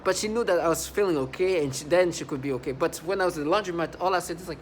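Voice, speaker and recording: A man's voice: a little high, very fast, a little hiss or hum. A man ranting in a heated, rambling monologue, full of restarts and broken-off phrases. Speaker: vlogger. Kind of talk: agitated monologue to camera.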